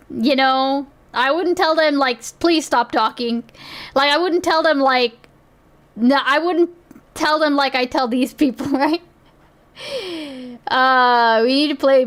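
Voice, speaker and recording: A woman with a South Asian accent chats casually on a livestream. Her voice sits high, and she rambles, swears and laughs often as she reacts. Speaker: streamer.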